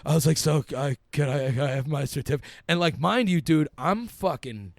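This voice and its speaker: A man's voice: a little high, animated, brisk, gravelly, no echo, studio quality. A young man, a comedian and podcast guest, telling a long story in a laid-back, profane way. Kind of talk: casual storytelling.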